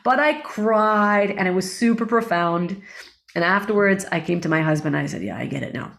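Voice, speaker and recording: Animated middle-aged woman telling a story. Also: on the low side, fast talker, gravelly. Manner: animated, emotional storyteller with many fillers. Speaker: guest, breathwork facilitator. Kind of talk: casual interview storytelling.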